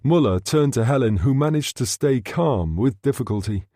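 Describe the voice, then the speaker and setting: Male audiobook narrator, steady, measured, dark mellow tone, dry close sound. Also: mid-range voice, no echo. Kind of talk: scripted narration.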